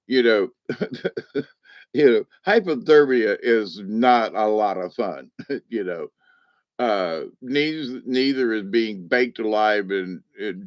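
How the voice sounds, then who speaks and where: A man with a lowish voice and no echo tells stories in a rambling, folksy monologue, chuckling often. He is a spiritual card reader, and the recording is dull, dry, and lo-fi.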